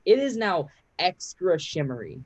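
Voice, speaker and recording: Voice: medium pitch, very animated, unhurried, no echo. A game master narrating a tabletop game, often hesitating and restarting sentences.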